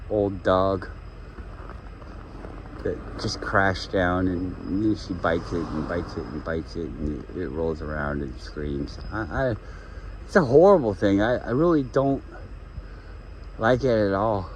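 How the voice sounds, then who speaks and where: A man's voice: deep voice, slow pace, pauses often, slight background noise, poor audio. A man vlogging on a walk outdoors with his dogs, rambling and joking, breaking off to talk to his dog. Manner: rambling, jokey, talks to his dog mid-sentence. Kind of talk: rambling casual talk to camera.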